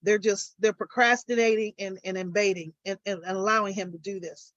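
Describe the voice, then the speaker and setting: An older woman, a guest on a live stream, recounting her own story and getting animated as she retells arguments. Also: mid-range voice, brisk, no room sound, dull audio.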